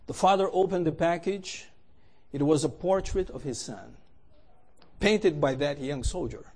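A man's voice: a little high, expressive, unhurried, darkish tone. A man telling a story in a sermon, with a dramatic and emphatic delivery. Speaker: preacher.

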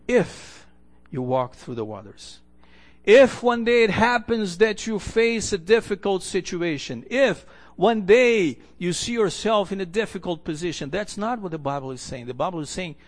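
A man with a high voice preaches an earnest sermon to his church. He repeats key phrases for emphasis and lets the ends of his lines sink to a hush. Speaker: pastor.

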